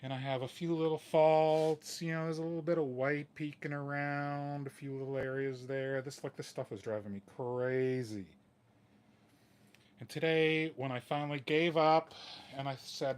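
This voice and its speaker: A man's voice: on the high side, steady tone, moderate pace, smooth. Weary, exasperated man venting at his workbench. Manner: weary, sighing, repeats himself in frustration. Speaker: guitar modding channel host. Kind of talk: exasperated live vlog. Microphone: camera mic at a workbench.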